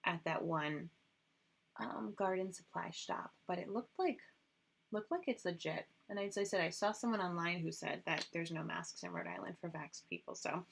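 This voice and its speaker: Bright-voiced woman chatting on a makeup stream, rambly, lots of like and um. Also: lowish voice, gravelly, husky. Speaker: host. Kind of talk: casual livestream makeup chat.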